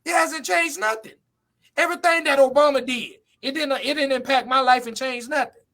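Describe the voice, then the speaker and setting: A man's voice: very high voice, moderate pace, bright, forceful tone. A man co-hosting a live talk stream, arguing his point bluntly in casual conversation and greeting viewers by name. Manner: blunt, repetitive, reads viewer comments aloud.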